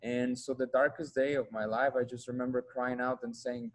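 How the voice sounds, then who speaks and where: Speaking in a flat, medium-pitched voice with a Mexican Spanish accent, this guest speaker shares his personal testimony over poor audio. His delivery is sincere and hesitant, with repetitions while he hunts for the right words.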